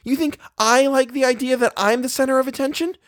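A man voicing an anxious, frightened young woman who pleads in a high-strung way in a storybook reading. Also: very animated, unhurried, a little mellow, husky, dry recording, studio quality. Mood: outraged.

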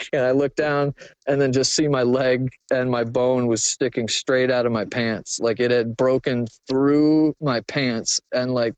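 A man's voice: mid-range voice, clean tone, no echo. Young man, interview guest: loose, profane, filler-heavy storytelling, dry close sound. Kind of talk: candid personal storytelling.

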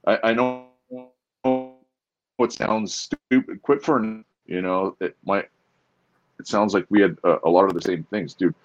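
A man with a very low voice speaks candidly in an interview, earnest and halting, stumbling and restarting as he searches for words. The sound is a little muffled and lo-fi. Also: fairly even intonation, soft background music. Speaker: podcast guest.

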